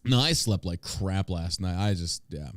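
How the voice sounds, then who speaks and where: A man's voice: low voice, a little slow, dry recording, studio quality. A man hosting a podcast in casual chat, blunt and opinionated, with crude banter. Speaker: podcast host.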